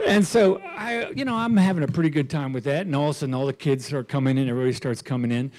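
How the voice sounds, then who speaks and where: A man's voice: medium pitch, fast, hardly any pauses, a little mellow. A man in his sixties telling a personal story on stage, self-mocking and often chuckling.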